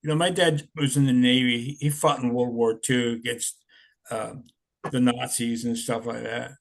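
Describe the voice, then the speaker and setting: An older man with a mid-range voice tells stories in a loose, rambling way. He often chuckles and fills gaps with "you know". He sounds like a guest in a relaxed conversation. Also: mid-range voice, moderate pace, gravelly. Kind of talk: casual storytelling.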